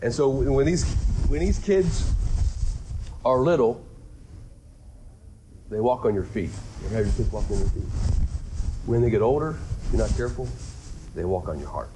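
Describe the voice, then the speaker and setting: A middle-aged male pastor preaching in a conversational, earnest way, with a voice of ordinary pitch for a man. He repeats words as he builds up to a point and lifts his voice for emphasis. There is faint noise behind him. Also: expressive, normal speed, long pauses, warm tone. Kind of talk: sermon.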